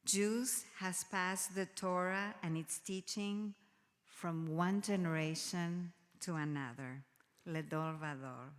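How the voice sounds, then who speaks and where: A woman reading prepared remarks at a worship service in a measured, deliberate way. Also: on the low side, fairly even intonation. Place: sanctuary. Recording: long reverb of a large hall.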